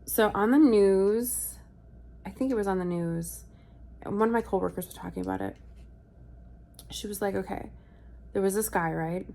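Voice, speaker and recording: A woman's voice: mid-range voice, normal speed, long pauses, dark tone. A young woman, sick with a virus, telling stories in a casual vlog from bed, chatty and swearing, quoting people as she goes. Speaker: vlogger. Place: hotel room, in bed.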